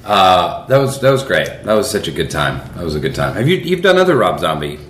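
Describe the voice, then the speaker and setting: Brief: male actor guest, bright and lively, echoey room with faint hum. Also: deep voice, fairly quick. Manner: animated storyteller, mimics fans in bursts. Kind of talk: casual podcast chat.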